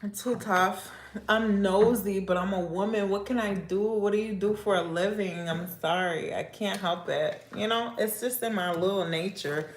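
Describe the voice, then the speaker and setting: A woman hosting a casual livestream, talking slowly and repeating herself as she confides in viewers and asks them nosy questions. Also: medium pitch, steady tone. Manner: slow, repetitive, confiding and nosy. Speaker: livestream host. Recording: echoey room with faint noise.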